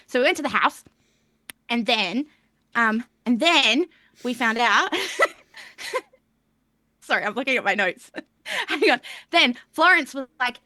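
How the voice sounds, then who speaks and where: A woman's voice: a little high, expressive, takes it slowly, long pauses, bright, forceful tone, no echo. A woman recapping a tabletop game session in a rambling, giggly way, stringing her story together with "and then". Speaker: player recapping the last session. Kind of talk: casual live-stream recap. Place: home streaming setup.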